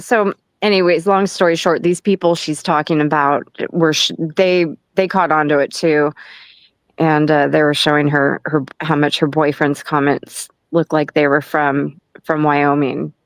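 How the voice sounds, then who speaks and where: A woman's voice: low voice, no echo. A woman telling a long gossip story in casual chat, rambling and laughing often between lines.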